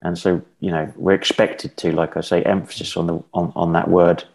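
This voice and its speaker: A man speaks as a podcast guest, measured and a little hesitant, leaning on fillers. His voice is low and fairly flat, with little rise and fall. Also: creaky. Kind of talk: casual conversational podcast.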